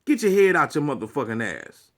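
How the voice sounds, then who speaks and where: A man's voice: fairly high pitch, very animated, brisk, slight background noise. A man delivering a preachy, profanity-laced rant to his viewers as a vlogger. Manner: preachy, swearing, lecturing.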